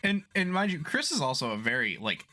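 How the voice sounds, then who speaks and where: A man's voice: on the high side, wildly swooping pitch, brisk, bright, forceful tone. A young man co-hosting a podcast, chiming in with clarifications and side comments. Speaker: podcast co-host. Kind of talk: casual chat.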